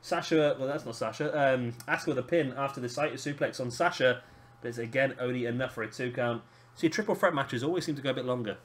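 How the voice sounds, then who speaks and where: A British man giving casual, excitable play-by-play commentary on a wrestling video game. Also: medium pitch, quick pace. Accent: British English. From Britain. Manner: excitable, calls near-falls with rising energy.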